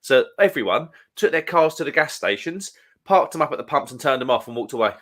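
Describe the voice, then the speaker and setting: A man's voice: medium pitch, expressive, a little fast, fairly bright tone. A man from England with a London accent, in his thirties, hosting a casual live stream chat and telling stories with plenty of laughs. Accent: London English. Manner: chatty storyteller, laughs often.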